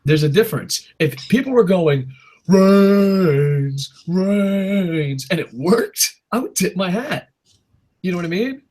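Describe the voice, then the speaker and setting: A man's voice: high voice, big pitch swings, normal speed, a little mellow, slightly rough. A man hosting a casual podcast, ranting in a rambling, profane way and laughing at his own jokes. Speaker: podcast host. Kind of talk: casual wrestling podcast rant.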